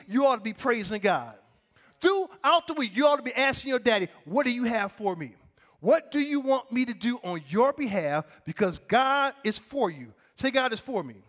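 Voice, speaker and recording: High-voiced preaching pastor. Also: male voice, fairly bright tone. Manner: preaching with call-and-response, rising and dropping cadence. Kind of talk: sermon.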